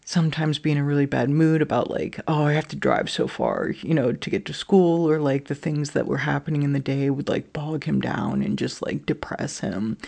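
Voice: medium pitch, normal speed, gravelly, hardly any pauses, warm tone. A speaker in their thirties sharing a candid personal story, rambling, with lots of "like" fillers and casual swearing.

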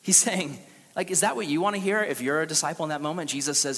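A young man preaching a casual, animated youth sermon and acting out the quotes he tells. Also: on the high side, quick pace, long reverb tail. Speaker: youth pastor.

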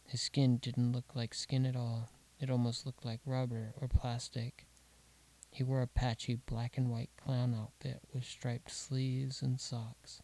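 A man reading a horror story aloud, slow and deliberate, dropping to a hush at grim details. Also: medium pitch, monotone, poor audio. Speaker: narrator. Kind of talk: scripted horror story narration.

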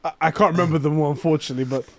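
A man with a London accent co-hosting a casual gaming chat, rambling with lots of fillers and quick to laugh. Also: fairly high pitch, fairly even intonation, no echo. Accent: London English. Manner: rambling, full of fillers, breaks into loud laughter. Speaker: podcast co-host.

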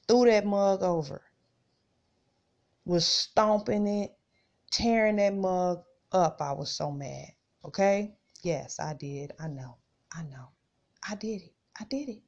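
A woman's voice: mid-range voice, slow, a little mellow. A woman hosting a podcast, reading scripture and talking casually to her listeners, repeating phrases for emphasis. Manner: chatty, addresses listeners as "y'all". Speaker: podcast host. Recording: dull lo-fi recording.

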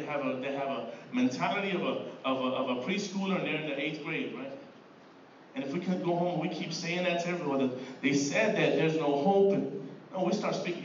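A man's voice: fairly high pitch, muffled recording. A middle-aged man preaching a sermon to his church in a conversational way, often repeating words and asking "right?". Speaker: pastor. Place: church sanctuary. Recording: distant echoey room mic with background noise.

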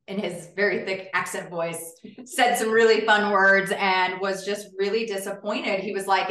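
A woman hosting a podcast interview, telling her own health story in an emphatic, animated way. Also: medium pitch, brisk, hardly any pauses. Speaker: podcast host. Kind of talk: casual interview chat. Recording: roomy, distant mic.

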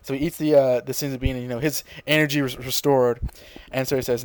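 A young man co-hosting a podcast, rambling through a casual episode recap and slipping into quick impressions of characters. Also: mid-range voice, flat delivery. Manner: rambling, mimics characters' lines in quick voices. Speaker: podcast co-host.

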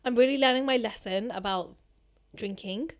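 A woman, co-hosting a casual podcast chat and telling stories in a slangy, animated way. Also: on the high side, moderate pace. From England. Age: 20s. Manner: animated storytelling, slangy, laughing. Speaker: podcast co-host.

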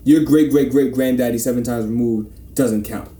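A man's voice: mid-range voice, steady tone, normal speed, mellow. A man in casual discussion, making emphatic points with sarcastic rhetorical questions. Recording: echoey room.

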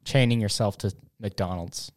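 A man co-hosting a casual comedic chat, asking questions and thinking out loud. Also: fairly low pitch, a little slow. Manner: curious, asks questions, muses aloud. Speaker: podcast co-host.

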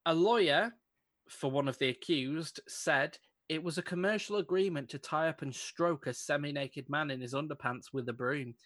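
A man's voice: a little high, moderate pace, a bit bright. A male podcast co-host reading out a news story in casual chat, amused and laughing between lines.

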